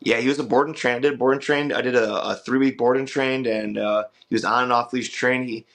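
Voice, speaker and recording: A man's voice: medium pitch, fairly even intonation, fairly quick, vocal fry, a bit bright. A young adult man, a dog trainer and podcast host, telling a rambling story in casual chat. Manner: rambling, restarts with "uh" and "I was like".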